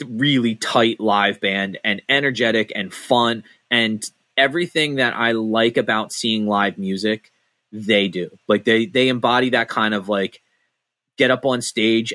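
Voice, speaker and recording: A man's voice: fairly low pitch, moderate pace, sharp tone, no room sound. A man co-hosting a podcast from his home, rambling in casual chat with frequent restarts and casual swearing. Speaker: podcast co-host.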